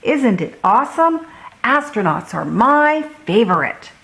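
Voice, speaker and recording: A woman's voice: fairly high pitch, a little slow, creaky, voice pushed up, exaggerated voice, low-quality recording. A woman doing a bubbly little astronaut boy. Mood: excited. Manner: bubbly and excited. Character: excited, energetic young boy astronaut.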